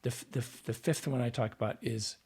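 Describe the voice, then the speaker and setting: A man's voice: mid-range voice, brisk, gravelly, warm tone, slightly rough. A man being interviewed as a dialect coach, explaining his craft step by step in a teaching manner. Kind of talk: podcast interview conversation.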